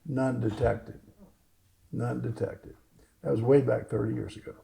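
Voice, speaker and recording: A man's voice: mid-range voice, fairly even intonation, unhurried, creaky, warm tone, low-quality recording. A man, a doctor, telling a story at a live talk and acting out the lines of the people in it. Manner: acts out other people's lines in his stories. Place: fitness gym, indoors.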